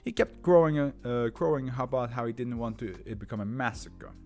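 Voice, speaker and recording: A man voicing a bitter male gangster under interrogation, talking in rough, scornful street slang. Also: mid-range voice, a little fast, a little mellow, soft background music, natural voice. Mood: gruff.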